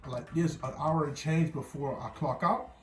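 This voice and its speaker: A man's voice: a little high, moderate pace, faint music behind. Rambling, slangy young man in echoey room. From New Jersey. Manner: rambling, slangy, with many restarts and repeated words. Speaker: YouTuber telling a story. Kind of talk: casual storytelling.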